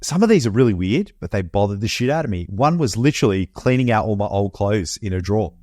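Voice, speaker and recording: A man's voice: fairly low pitch, big pitch swings, quick pace, warm tone, no room sound. Laid-back Australian man, dry close sound. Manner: laid-back, swears casually, says mate often. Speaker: podcast co-host. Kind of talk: casual chat. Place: home, Perth.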